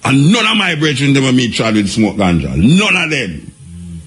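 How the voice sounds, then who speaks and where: An older man with a Jamaican accent, telling his life story in an animated, repetitive way in casual patois. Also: mid-range voice, moderate pace.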